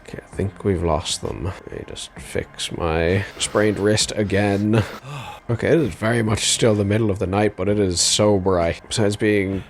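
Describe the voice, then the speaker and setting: Low-voiced, wry male gamer. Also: steady tone, moderate pace, slight background noise. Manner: wry, swears and laughs often. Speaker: game commentator. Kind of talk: casual gameplay commentary.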